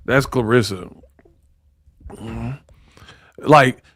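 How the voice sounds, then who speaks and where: A man's voice: mid-range voice, big pitch swings, takes it slowly, gravelly, pauses often, no echo, clean studio sound. A man in casual commentary who talks in a mocking, slangy way and acts out quotes. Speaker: boxing commentator.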